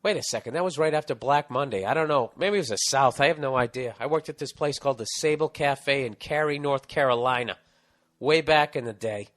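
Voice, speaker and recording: A man's voice: mid-range voice, brisk, fairly bright tone. A middle-aged man with a Boston accent, hosting an advice podcast and reading out listener mail in a profane, ranting storytelling manner.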